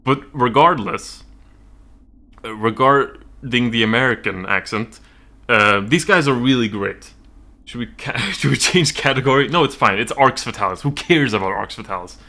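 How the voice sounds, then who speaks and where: A man's voice: medium pitch, normal speed, sharp tone. A young man from Sweden streaming from home, rambling nervously with lots of giggling.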